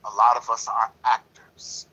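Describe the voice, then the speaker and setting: A man's voice: medium pitch, monotone, a little slow, pushed and bright, breathy edge, low-quality recording. A man in a lodge discussion talking in a preachy, emphatic way, repeating himself and leaning on "you know". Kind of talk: passionate casual discussion.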